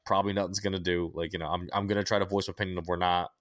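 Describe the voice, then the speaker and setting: Profane, animated man telling a story. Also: low voice, rapid-fire. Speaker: podcast co-host. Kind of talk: casual chat, storytelling.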